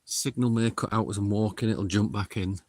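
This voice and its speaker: A middle-aged man, livestreaming a paranormal investigation outdoors in a windy cemetery and calling out slowly to spirits in a hushed voice. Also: on the low side. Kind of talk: casual live commentary.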